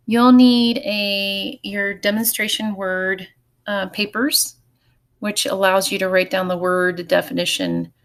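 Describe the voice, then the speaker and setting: A woman teacher giving a recorded phonics lesson, patient and clear, walking through each step. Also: medium pitch, a bit bright.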